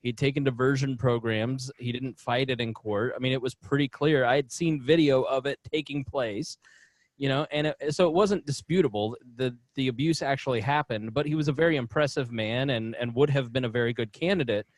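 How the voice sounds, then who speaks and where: A man's voice: mid-range voice, fairly quick, dry recording. A man from Indiana co-hosting a political podcast, telling long stories with stumbles and restarts. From Indiana, USA. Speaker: podcast co-host. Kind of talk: casual political podcast chat.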